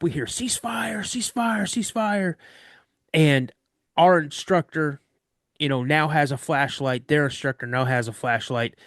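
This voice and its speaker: A man guest on a podcast, telling a story of an encounter in an animated way and acting out other people's voices. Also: medium pitch, dry recording, clean studio sound.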